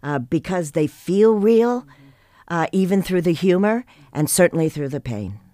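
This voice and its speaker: A stage actor speaking unhurriedly with many fillers and gentle humor. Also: medium pitch, animated, normal speed, no echo, studio quality. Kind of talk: conversational interview.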